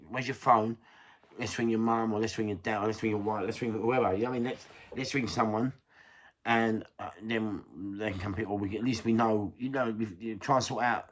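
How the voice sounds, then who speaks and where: An older man with a London accent tells a rambling street story in casual chat, swearing and laughing at himself. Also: fairly low pitch. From England. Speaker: vlogger.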